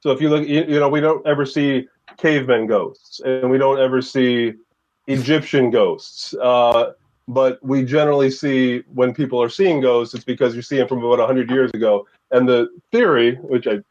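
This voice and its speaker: A man hosting a casual roundtable chat, telling jokes in a rambling, animated way. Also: medium pitch, normal speed, dull audio. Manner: joking, rambling, animated storytelling. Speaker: podcast host.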